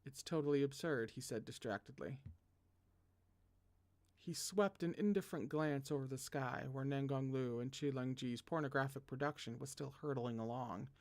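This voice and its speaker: A man reading a novel aloud as host of a read-along, animated and often stopping to joke and laugh at the text. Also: medium pitch, normal speed. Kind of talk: read-along narration with asides.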